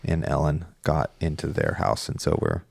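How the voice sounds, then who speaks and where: A man with a low voice tells a long story in an easygoing, rambling way, swearing now and then. The sound is dry and close to the mic, with no room around it. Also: sing-song, normal speed, creaky, a little mellow, breathy edge, no room sound. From Northern California. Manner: rambling storyteller, laid-back and profane. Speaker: podcast co-host. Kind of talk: casual chat.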